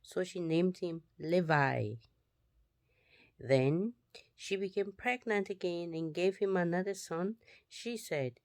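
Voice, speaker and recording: A woman reads scripture in a slow, unhurried way, her voice sitting a little low. She sometimes drops into a whisper. The sound is close and dry. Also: darkish tone, no room sound. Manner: slow, deliberate reading that drops to a whisper at times. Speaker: Bible reader. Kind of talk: scripture reading.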